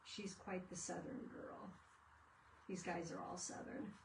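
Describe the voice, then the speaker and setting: A woman's voice: fairly low pitch, flat delivery, unhurried, creaky, heavy background noise. Chatty woman in an echoey room. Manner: chatty, rambling storyteller. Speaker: craft video host. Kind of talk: casual crafting chat. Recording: echoey room, mic at a distance.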